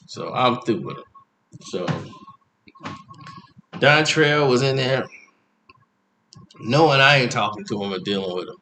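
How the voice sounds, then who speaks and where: A man's voice: mid-range voice, unhurried, pauses often, slight background noise. A man animatedly telling a comic personal story, acting out the scene as he goes. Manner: animated, acts out the scene, laughs while telling.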